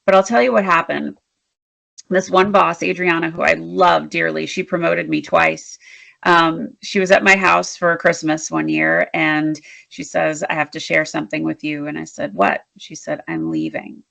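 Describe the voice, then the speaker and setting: A woman interview guest, a leadership strategist, telling work stories in an animated, emphatic way. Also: deep voice, a little slow, gravelly. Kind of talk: storytelling in a conversational interview.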